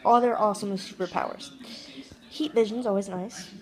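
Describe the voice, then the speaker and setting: Woman, casual vlog monologue, rambling and jokey, mid-pitched voice, clear music behind. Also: steady tone, moderate pace, rough recording. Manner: rambling, jokey, trails off and muses aloud. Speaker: vlogger.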